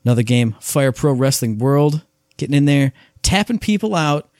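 A man's voice: mid-range voice, normal speed, no room sound, studio quality. A man co-hosting a casual podcast, telling stories in an enthusiastic, rambling way. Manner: enthusiastic, rambling, animated storytelling. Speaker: podcast co-host. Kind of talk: casual chat.

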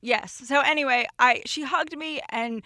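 Podcast guest, woman in her forties, bright higher voice, emotional, animated storyteller. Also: a little slow, no room sound, studio quality. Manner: emotional, animated, laughs often. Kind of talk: casual storytelling chat.

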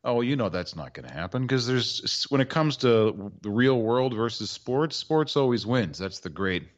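A man's voice: medium pitch, sing-song, normal speed, muffled recording. A man from Maryland co-hosting a sports radio show in casual chat, with wry, sarcastic asides. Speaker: co-host.

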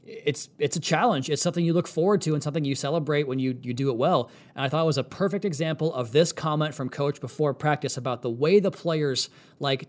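A man hosting a solo sports podcast, excited and talking quickly as he breaks down a practice. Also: medium pitch. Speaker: podcast host.

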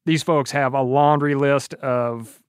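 Animated man retelling an interview. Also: medium pitch, slow pace, smooth, no echo, clean studio sound. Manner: animated storyteller, quotes others. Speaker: podcast guest. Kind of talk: casual chat.

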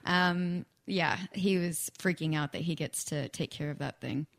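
A woman's voice: low voice, a little slow, creaky. Chatty young woman, filler-heavy. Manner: chatty, frequent "like" and "um". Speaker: guest songwriter. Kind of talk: casual interview chat.

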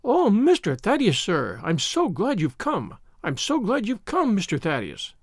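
A man's voice: high voice, very animated, moderate pace, no echo, clean studio sound. A man doing a frantic old housekeeper woman. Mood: distressed. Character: frightened old female housekeeper, hysterical.

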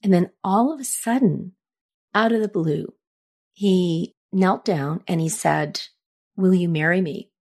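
A middle-aged woman hosts a podcast, taking it slowly in a lowish, creaky, husky voice with a darkish tone. Her casual personal storytelling is chatty and reflective, and she acts out quoted lines with a raised voice.

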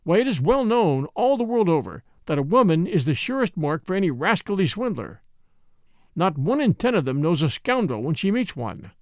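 A man voicing a gruff, commanding middle-aged millionaire father in an audiobook, talking bluntly and curtly. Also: sits high, sing-song, normal speed, darkish tone, no echo, clean studio sound. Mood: ranting.

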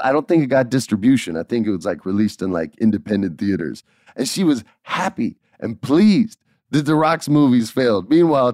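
A man hosting a podcast, telling a family story in a casual, animated way with frequent laughs. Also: fairly low pitch, no room sound, studio quality. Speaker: podcast host.

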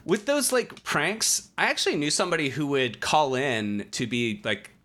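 A young man co-hosts a casual podcast in a bright voice whose pitch swings widely. He riffs in a sardonic way and keeps the chat lively. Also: moderate pace. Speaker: podcast co-host.

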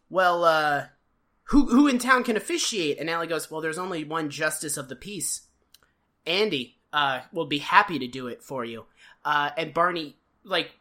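Sarcastic woman with a lively bright voice. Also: medium pitch. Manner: sarcastic, acts out quotes in exaggerated voices. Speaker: podcast co-host. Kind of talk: casual recap chat.

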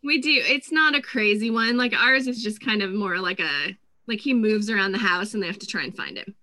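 A woman, chatting as co-host and telling animated stories about her family. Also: mid-range voice, brisk, no echo, rough recording. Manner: chatty storyteller, quotes her kids in lively voices. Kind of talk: casual chat.

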